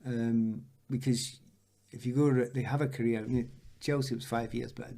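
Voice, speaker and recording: Speaking at a moderate pace, a Scottish ex-footballer in his sixties gives an interview full of lively tales, doing the voices of the people he quotes. His voice sits at a medium pitch with a creaky quality.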